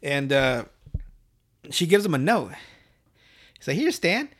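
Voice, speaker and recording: A man's voice: medium pitch, expressive, slow, gravelly, fairly bright tone. A man hosting a podcast, recapping a cartoon episode in a profane, rambling, laugh-filled casual style. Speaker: podcast host.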